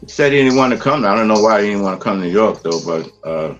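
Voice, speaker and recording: A man speaking as a guest on a casual sports podcast, with a low voice. He answers in short, plain phrases and stumbles a little at the start of each one. The recording sounds dull and lo-fi. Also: animated, fast, a bit bright, soft background music. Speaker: podcast panelist.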